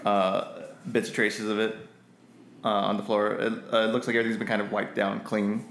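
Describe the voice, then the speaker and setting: A man's voice: fairly low pitch, level tone, normal speed, a bit bright, echoey room. A man narrating as game master in a casual, rambling way. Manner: casual, many fillers and restarts.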